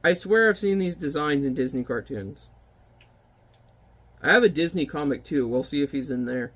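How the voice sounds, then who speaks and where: A man with a notably high voice chatting his way through an old comic. His remarks are wry, offhand and casual, with a relaxed reviewer's flow. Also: normal speed. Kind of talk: casual commentary.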